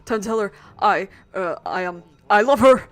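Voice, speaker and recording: A woman's voice: medium pitch, normal speed, lightly acted. A woman voicing a nervous, lovestruck young man in a New York accent, stammering as she reads game dialogue. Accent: New York put-on. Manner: hesitant, stammering.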